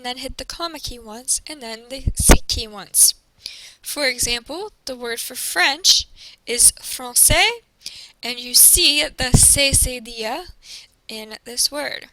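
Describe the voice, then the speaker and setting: A woman teacher giving a recorded classroom presentation, explaining slowly and carefully and modeling each pronunciation. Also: high voice, bright, forceful tone, dry recording, low-quality recording.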